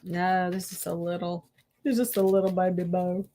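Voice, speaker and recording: A woman's voice: on the low side, steady tone, moderate pace, warm tone, a little hiss or hum. A woman chatting to her viewers while she crafts, talking to herself and laughing often. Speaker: crafting vlogger. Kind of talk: casual crafting chat to viewers.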